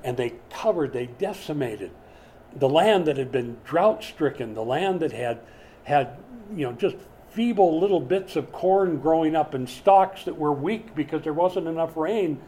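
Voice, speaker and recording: A man preaching a sermon in a conversational, animated way, with sudden dramatic swings and words repeated as he builds a point. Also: fairly high pitch, measured pace, slight background noise. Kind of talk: expository sermon.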